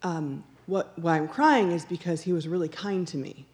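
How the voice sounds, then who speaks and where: A woman with a fairly low voice tells a personal faith story in earnest, unhurried testimony style. She acts out the dialogue as she goes and leans on repeated phrases for emphasis, with fillers and restarts along the way. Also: darkish tone. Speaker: church member sharing a testimony.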